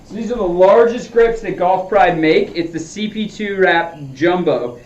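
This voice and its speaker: Here a man with a high-pitched, unhurried voice practices golf on stream, coaching himself through his swings while chatting easily with his audience. The sound is lo-fi, dull, roomy and distant.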